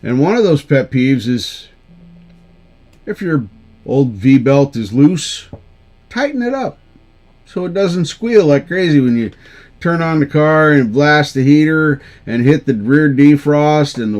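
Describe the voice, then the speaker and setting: A man's voice: a little high, darkish tone. A man hosting a live karaoke stream, chatting casually with viewers in a rambling, self-deprecating way. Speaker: livestream karaoke show host.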